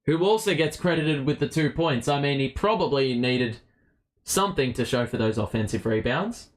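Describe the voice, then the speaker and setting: A man's voice: mid-range voice, lively intonation, normal speed. A man hosting a fan watchalong, calling the game play by play, partisan and swearing freely. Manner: partisan, swears, rises to shouts on big plays. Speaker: host of a fan watchalong stream.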